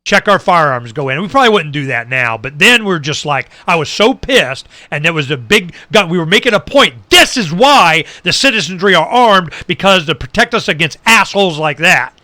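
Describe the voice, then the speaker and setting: A middle-aged man hosts a talk show with a slightly high, bright, forceful voice. He tells stories in casual chat, animated, sinking low for muttered asides. The sound is close and dry, with no room around it. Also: normal speed, hardly any pauses, dry recording. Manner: animated storyteller, drops pitch low for asides. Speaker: radio show host.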